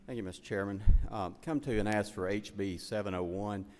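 A man's voice: fairly low pitch, fairly even intonation, a little fast, slight background noise. A man, slightly out of breath, presenting a bill to a committee in a plain, matter-of-fact way. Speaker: state legislator presenting a bill. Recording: echoey hearing room.

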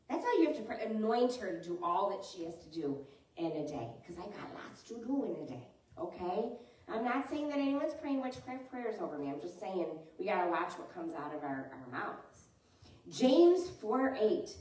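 A woman's voice: medium pitch, very animated, moderate pace. A woman pastor giving a conversational sermon, often asking her congregation questions. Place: church sanctuary. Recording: echoey church hall, mic at a distance.

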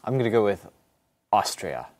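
A man's voice: lowish voice, sing-song, moderate pace, darkish tone, voice pushed down. A man voicing an eager young male quiz contestant, speaking in upbeat game-show style.

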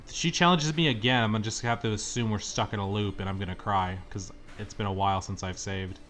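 A young man commenting on his gameplay, complaining dramatically and yelling at the game when things go wrong. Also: fairly low pitch, quick pace. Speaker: let's-play gamer. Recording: faint game music behind.

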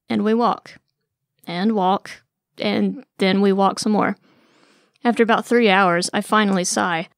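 A woman reads a first-person story in a wry, weary, sardonic voice. Her voice sits in an ordinary middle range with a gravelly fry. The sound is close and dry, with no room around it. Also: medium pitch, fairly even intonation, unhurried, no room sound. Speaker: narrator.

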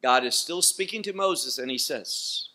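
A man teaching scripture in a slow, measured way, letting each phrase land. His voice sits high and sounds bright and clear. He stresses key words and asks questions he then answers himself. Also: expressive. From Israel. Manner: deliberate, emphatic teaching with rhetorical questions. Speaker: Bible teacher. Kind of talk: Bible teaching lecture.

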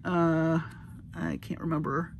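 Woman, crafting vlogger, slow relaxed talk, gushing, faint background hiss. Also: deep voice, creaky. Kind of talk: casual show-and-tell haul.

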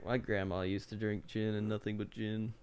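A man's voice: on the low side, flat delivery, moderate pace, a little mellow, smooth. A young man playing a video game, chatting casually and grumbling about how hard it is. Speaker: player in a game playthrough. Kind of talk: casual gaming chat.

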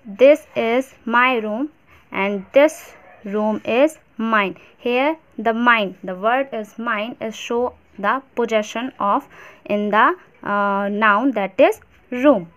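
Teacher, female, Indian English accent, slightly high voice, explains step by step with halting pauses. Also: fairly bright tone. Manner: explains step by step, many fillers and restarts. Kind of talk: classroom grammar lesson.

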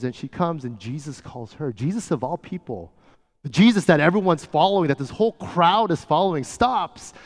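A man preaching a sermon as pastor, talking casually and often dropping to a soft, hushed voice. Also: a little high. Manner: conversational, often drops to a soft hush. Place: church sanctuary. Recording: church hall with long reverb.

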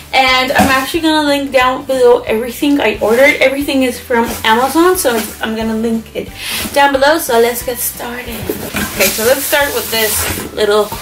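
A young woman in a beauty vlog, unboxing a new camera and gushing over each item with breathless exclamations. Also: high voice. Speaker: beauty vlogger.

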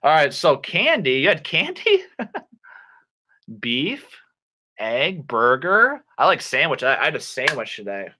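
Speaking in a mid-range voice, a man teaches English to children over the internet. He reads a picture book aloud, slowly and clearly, and animatedly acts out the vocabulary in a playful lesson.

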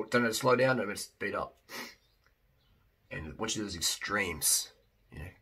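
A man's voice: fairly low pitch, a bit bright, slightly rough. A man talking casually to camera as a fitness vlogger and coach, emphatic and blunt, with many restarts.

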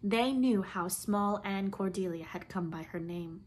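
A woman reading a classic novel aloud, with an expressive, lilting delivery and swelling emphasis. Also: medium pitch, unhurried, a little hiss or hum. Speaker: audiobook reader.

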